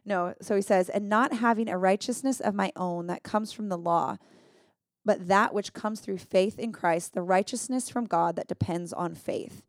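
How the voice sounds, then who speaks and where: A woman's voice: mid-range voice, moderate pace, dry recording, clean studio sound. Earnest woman talking through scripture. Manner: earnest, emphatic, thinking aloud with fillers. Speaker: podcast co-host. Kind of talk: casual Bible study chat.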